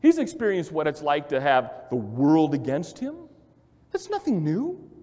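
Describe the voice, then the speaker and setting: A male pastor preaching a sermon in an emphatic, repetitive way, swinging from quiet to loud. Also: fairly high pitch, wildly swooping pitch, measured pace. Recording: long hall reverb.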